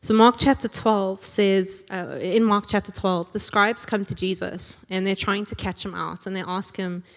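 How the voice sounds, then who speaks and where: A woman's voice: medium pitch, steady tone, moderate pace, hardly any pauses. A woman preaching a sermon in a chatty, conversational way, often tagging lines with a question and joking along the way. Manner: conversational, tag questions, jokey asides with laughs. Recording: long hall reverb.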